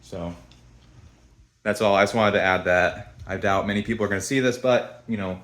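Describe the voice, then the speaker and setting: A man's voice: on the low side, normal speed, fairly bright tone. A young man telling a story to camera in a rambling, blunt, profane way with many restarts. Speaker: vlogger. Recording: echoey room.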